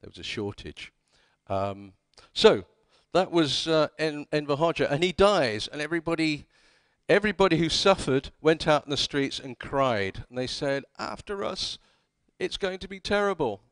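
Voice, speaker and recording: A man gives a conference talk in a conference hall, recounting history as wry anecdotes and acting out the quoted dialogue. His voice sits on the high side with lively intonation and a fairly bright, clear, resonant tone. He speaks at a normal speed, and there is no echo.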